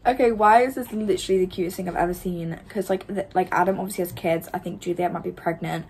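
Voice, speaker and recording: A teenage girl chatting casually in a reading vlog, gushing and excitable, swearing now and then, tired late at night. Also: medium pitch, breathy edge. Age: teens. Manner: gushing, excitable, swears, mixes soft asides with loud outbursts. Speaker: reading vlogger. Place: bedroom at home with a fan running.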